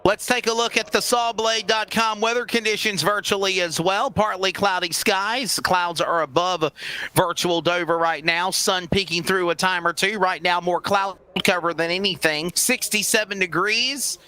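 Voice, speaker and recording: A man doing play-by-play commentary for a sim racing broadcast, upbeat with scripted announcer patter and quick asides. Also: high-pitched, steady tone, bright, forceful tone, clear, resonant tone.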